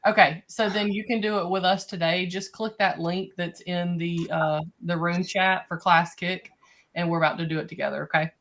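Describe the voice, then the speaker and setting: A young woman teaching an online class, her voice sitting a little low for a woman. She talks in a relaxed, chatty way, stretching out her prompts to students. The sound comes through a computer mic on a video call. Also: moderate pace.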